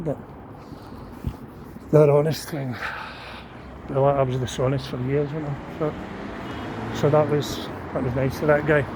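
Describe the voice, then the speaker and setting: A middle-aged Scottish man rambles through a sweary walk-and-talk story, his voice sitting fairly high. He records on a phone as he walks a town street. Loud traffic runs behind him the whole time. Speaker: vlogger.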